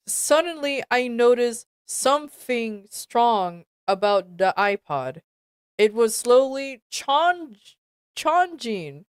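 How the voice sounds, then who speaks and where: A woman's voice: on the high side, clear, resonant tone, no echo, studio quality. A woman streamer reading a fan fiction aloud with commentary, stumbling over words and sounding exasperated.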